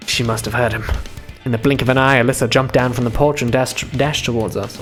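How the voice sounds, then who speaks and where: A man's voice: mid-range voice, steady tone, normal speed, music in the background. A young man live-streaming a visual novel, reading the text aloud and breaking off into chatty, profane commentary.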